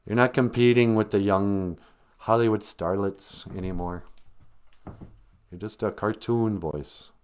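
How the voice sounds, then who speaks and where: A man's voice: on the low side, steady tone, measured pace, clear, resonant tone. A man hosting a comedy podcast, rambling sarcastically with mumbled asides. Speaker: podcast host.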